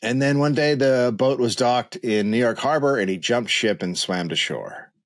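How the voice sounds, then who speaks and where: A man hosting a comedy podcast, narrating a history story in a dry, deadpan way. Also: medium pitch, normal speed.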